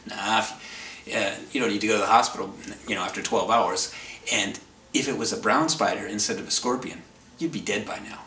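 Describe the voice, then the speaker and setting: A man voicing a calm, matter-of-fact local man who speaks in a slow, deadpan way. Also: on the low side, echoey room, far from the mic, a little hiss or hum.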